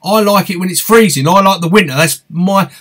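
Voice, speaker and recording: A man's voice: sits high, fairly quick, fairly bright tone. A man with an East London accent hosting a live fishing Q&A stream, chatty and upbeat, reading out viewer comments and greeting people by name. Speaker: fishing channel host.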